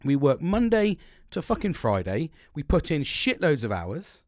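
A man's voice: fairly high pitch, huge pitch swings, a little slow, a little mellow, no echo, studio quality. A middle-aged British man chatting on a podcast, rambling and blunt, with frequent swearing. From Britain. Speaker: podcast co-host. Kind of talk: casual chat.

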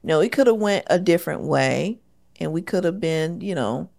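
A woman's voice: fairly low pitch, animated, moderate pace, creaky, darkish tone. A woman co-hosting a podcast, chatting casually and telling stories. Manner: chatty, storytelling, laughs often. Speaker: podcast co-host. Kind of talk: casual relationship talk.

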